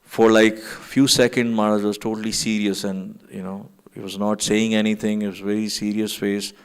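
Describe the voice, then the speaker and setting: A man's voice: on the low side, level tone, normal speed, clear, resonant tone. A man telling a personal story to a temple gathering, in a rambling way full of fillers, acting out what others said. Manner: storytelling with many fillers, acts out quotes. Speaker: devotee sharing memories. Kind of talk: anecdote to a gathering. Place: temple hall.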